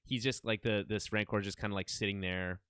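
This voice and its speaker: A man's voice: on the low side, fairly even intonation, a little fast, a bit bright, clear, resonant tone. A man co-hosting a casual show review, rambling with fillers and restarts, wry and dry in his humor. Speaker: podcast co-host.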